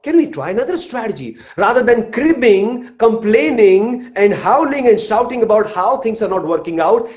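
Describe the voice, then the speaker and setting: A man's voice: on the high side, warm tone. A man, giving a live motivational talk and addressing the audience directly. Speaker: motivational speaker.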